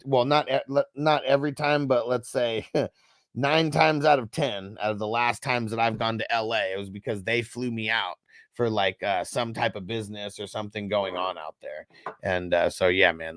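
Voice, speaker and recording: A man's voice: fairly low pitch, a bit bright, no room sound, clean studio sound. A young man hosting a casual livestream, reading out chat comments in a loose, rambling way and swearing freely. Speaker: host.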